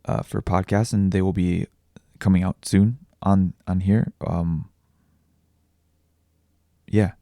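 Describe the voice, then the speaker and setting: A young adult man talking candidly in a personal vlog, halting and confessional, swearing often. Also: sits low, flat delivery, warm tone, no echo, clean studio sound. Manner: raw, halting, confessional, with frequent swearing and restarts. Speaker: vlogger and podcaster.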